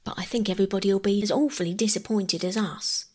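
A polite, earnest boy who hurries through his words, as a woman reads him out. The voice is soft and breathy. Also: medium pitch, fairly even intonation, quick pace, lightly acted.

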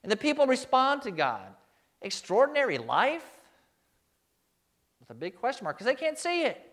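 A man's voice: very high voice, huge pitch swings, quick pace, a bit bright. A male pastor delivering a sermon with emphasis, putting rhetorical questions to his congregation.

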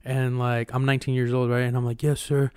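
Flat-voiced smooth young man telling stories. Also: medium pitch, fast talker, dry recording. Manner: profane, animated storyteller. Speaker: podcast co-host. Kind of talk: casual storytelling chat.

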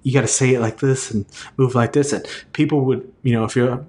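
A man in a relaxed podcast conversation, with a voice of ordinary middle pitch. He rambles, circling back with "like" and "you know" as he gropes for words. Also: fairly quick. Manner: rambling, many fillers and restarts. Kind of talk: casual chat.

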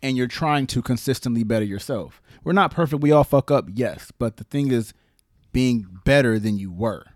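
A man's voice: lively intonation, moderate pace, darkish tone, dry recording, studio quality. A man co-hosting a casual podcast, joking crudely and talking about relationships. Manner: crude joking, swings high when teasing. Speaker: podcast co-host.

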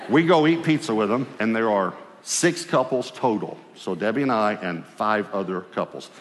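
A man preaching a sermon, telling a personal story and acting out the dialogue in it. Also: long reverb tail. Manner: animated storyteller, acts out dialogue, dropping low and quiet for God's voice.

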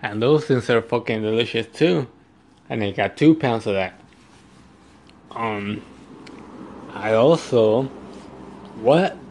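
Young guy, casual vlog, slow loose delivery, laughs and swears a lot, eating as he talks. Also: mid-range voice, a little mellow, slight background noise. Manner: eating while talking. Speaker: vlogger.

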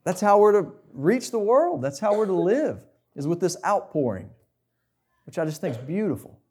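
A man's voice: sits high, sing-song, normal speed, a little mellow, breathy edge. A young man preaching a conversational sermon, asking the listeners questions.

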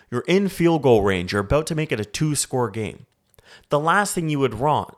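Casting: Canadian man, podcast host, angry profane football rant, mid-pitched. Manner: heated, profane, ranting. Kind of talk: solo sports podcast rant.

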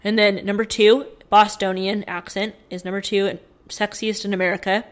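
A woman co-hosting an informal podcast shares the news at normal speed in a level, mid-range voice. She sounds chatty, reading from notes and dropping in plenty of fillers.

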